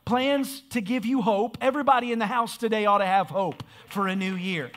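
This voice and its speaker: Male pastor, very high voice, emphatic, repetitive preaching from a church stage mic. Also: a little fast, fairly bright tone. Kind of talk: sermon. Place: church sanctuary.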